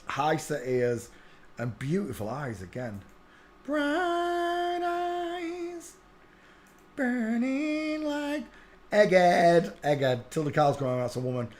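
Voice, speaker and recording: A man's voice: medium pitch, a little mellow. A man hosting a live stream, commenting over video clips in an emphatic way and repeating a checklist in a chanting rhythm. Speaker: channel host.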